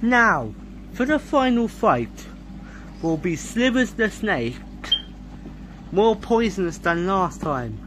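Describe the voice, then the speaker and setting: Performer doing a slow, announcing game voice with lively pitch. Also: slight background noise, poor audio. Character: game announcer giving warnings.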